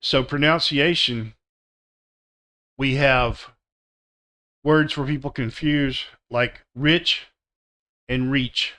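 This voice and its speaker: A man teaching pronunciation in a live online class, drilling words one by one and repeating them slowly and deliberately. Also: mid-range voice, fairly even intonation, pushed and bright. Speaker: English teacher.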